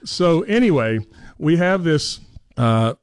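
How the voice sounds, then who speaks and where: A man's voice: fairly high pitch, sing-song, slow pace, crowd noise. A man, co-hosting a podcast, blunt and dryly teasing. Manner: blunt, dry teasing humor. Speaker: podcast co-host. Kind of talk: casual chat.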